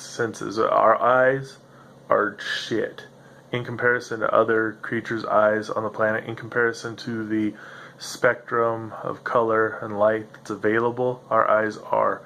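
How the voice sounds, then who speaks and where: A man's voice: fairly low pitch, gravelly, a bit bright, a little hiss or hum. A man hosting a solo podcast, musing in a meandering, self-interrupting way with a slightly nasal voice. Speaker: podcast host. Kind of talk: rambling solo monologue.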